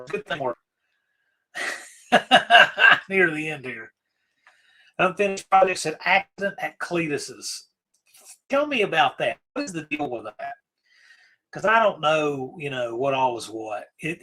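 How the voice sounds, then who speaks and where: A man from Virginia hosts a casual livestream, musing over viewer comments in a relaxed, rambling way and often trailing off before starting again. His voice sits a little high and has a bright, forward edge. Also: rough recording. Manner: rambling and easygoing, trailing off and restarting. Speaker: livestream host. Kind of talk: casual live-stream chat, answering viewer comments.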